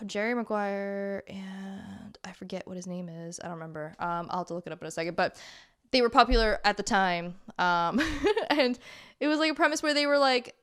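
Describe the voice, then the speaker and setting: Young woman, podcast co-host, casual chat, animated storyteller, smooth clear voice. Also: medium pitch, moderate pace. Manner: chatty, animated storytelling with many fillers.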